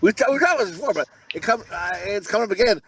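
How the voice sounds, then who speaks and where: A man's voice: sits high, expressive, racing, a bit bright, breathy edge, dry recording. A man co-hosting a podcast, rambling through crude stories and laughing often in casual chat. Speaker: podcast co-host.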